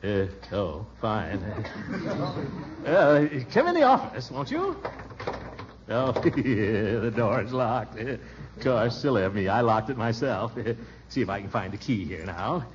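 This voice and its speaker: An actor playing a blustering, flustered middle-aged official who stammers and chuckles, in 1940s radio acting style on a dull old recording. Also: male voice, mid-range voice, very animated, slow, slight background noise. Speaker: pompous small-town official.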